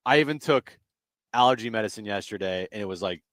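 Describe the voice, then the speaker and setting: A man's voice: fairly low pitch, fast talker, no room sound. Rambling sports radio co-host, man. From United States. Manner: rambling storyteller, often trails off quietly. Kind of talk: casual chat.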